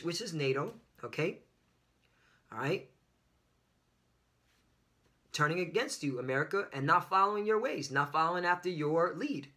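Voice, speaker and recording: A man's voice: on the high side, bright, forceful tone. A man preaching fiery, confrontational religious commentary on the news, peppering his talk with "all right?".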